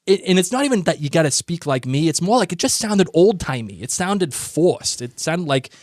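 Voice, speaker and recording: A man's voice: on the high side, very animated, moderate pace, darkish tone, dry recording. A man co-hosting a podcast, eagerly chatting about a TV episode, often restarting his sentences. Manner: enthusiastic, teasing, many restarts. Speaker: podcast co-host. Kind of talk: casual TV recap chat.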